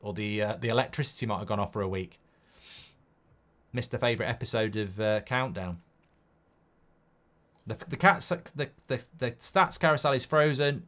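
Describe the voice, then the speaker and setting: A man's voice: mid-range voice, normal speed, pauses often. Blunt man rambling on a live stream. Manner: rambling storyteller, reads chat comments aloud; blunt, swings between loud outbursts and mutters. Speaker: football watchalong host. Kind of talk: live-stream casual chat.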